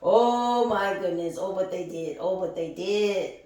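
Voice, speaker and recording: A woman's voice: medium pitch, a little slow, mellow, heavy reverb, poor audio. A woman giving a casual spiritual reading, exuberant and profane, laughing often as she talks. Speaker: spiritual reader.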